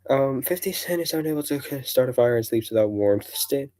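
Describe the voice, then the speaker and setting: A man's voice: medium pitch, animated, normal speed, mellow. A man streaming casually, out of breath, reading game events aloud with rambling, jokey asides.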